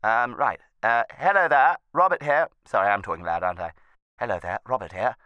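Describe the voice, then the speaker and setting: An actor playing a flustered, fussy retired judge, leaving a rambling phone message full of false starts. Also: male voice, deep voice, quick pace, bright, forceful tone, no echo, muffled recording. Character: flustered posh retired male judge in his seventies. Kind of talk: comic phone message monologue.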